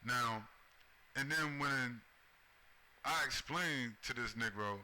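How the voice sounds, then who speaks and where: Bright-voiced man ranting, profane. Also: medium pitch, takes it slowly. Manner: profane, repeats "right?" as a tag. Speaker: commentary host. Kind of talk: ranting video commentary.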